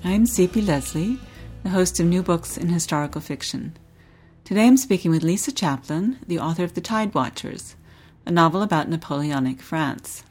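A woman hosting a book podcast, reading a novel excerpt in a measured, expressive way and interviewing an author. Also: lowish voice, husky, soft background music. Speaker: podcast host.

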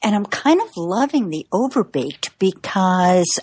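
A woman's voice: mid-range voice, lively intonation, slow, darkish tone, no room sound. A woman in her sixties, a cookbook author from the United States, talking in a chatty way with frequent laughs and fillers during an interview. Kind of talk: interview conversation.

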